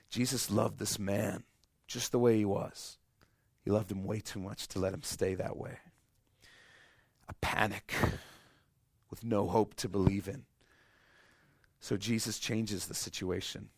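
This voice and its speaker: A man preaching a sermon with passion, repeating his phrases, swinging from loud to hushed and acting out voices in his story. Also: lowish voice, fairly even intonation, measured pace, creaky, pauses often, no room sound, clean studio sound. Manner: repeats phrases, acts out voices of God and people. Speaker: pastor.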